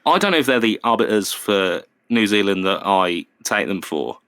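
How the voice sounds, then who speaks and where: A man's voice: lowish voice, sing-song, moderate pace, a bit bright, clean tone, no room sound. An English man as a podcast guest, talking in a wordy, apologetic way and often breaking off to restart. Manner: apologetic, wordy, self-interrupting. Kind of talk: casual chat.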